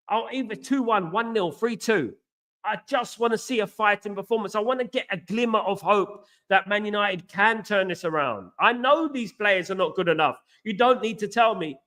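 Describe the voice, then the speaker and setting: This livestream host, a football fan, is fired up as he chats through his stream and answers viewers, rambling with passion. For a man his voice is high, and it has a bright, forceful edge.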